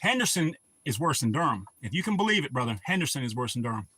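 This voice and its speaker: A man's voice: medium pitch, very animated, fast talker, fairly bright tone, husky, no room sound. A man hosting a casual livestream, telling rambling, profane stories and laughing at his own jokes. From North Carolina. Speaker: livestream host.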